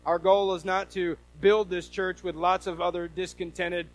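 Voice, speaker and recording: A pastor preaching a sermon in a high voice for a man. He keeps it conversational, restarting phrases and asking the congregation rhetorical questions. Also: level tone, normal speed, rough recording.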